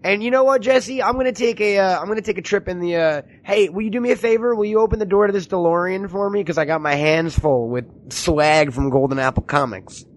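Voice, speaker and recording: A man's voice: high voice, a little fast, few pauses. Joking, profane male podcast host. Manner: joking, profane, riffing impressions. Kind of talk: casual comedic chat.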